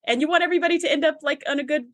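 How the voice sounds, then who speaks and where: A woman's voice: sits high, very fast, a bit bright, no room sound. Earnest woman podcast co-host, dry sound. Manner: earnest, thoughtful, enthusiastic. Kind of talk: casual chat about a TV episode.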